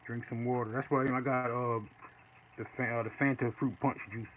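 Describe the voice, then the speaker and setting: A man casually chatting while he draws live, reading and answering viewer comments in a relaxed way. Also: medium pitch, fairly quick. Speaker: artist streaming live. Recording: dull lo-fi with faint noise.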